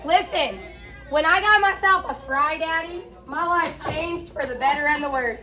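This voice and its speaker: A woman's voice: high-pitched, normal speed, bright, forceful tone, poor audio. A middle-aged woman chatting candidly while bathing a cat, swearing freely as she talks. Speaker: pet groomer vlogger.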